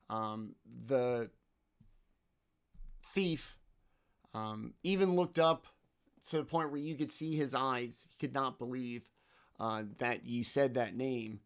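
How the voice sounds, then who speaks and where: A man narrating a tabletop game as game master, halting and full of ums and uhs. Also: medium pitch, clean tone.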